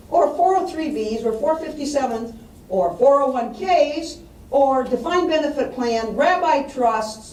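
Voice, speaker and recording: A woman presenting on estate planning to an audience, telling stories and acting out quotes in an animated way. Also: on the high side. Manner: animated storytelling with acted quotes. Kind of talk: public talk to an audience. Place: lecture room. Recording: echoey room mic from a distance.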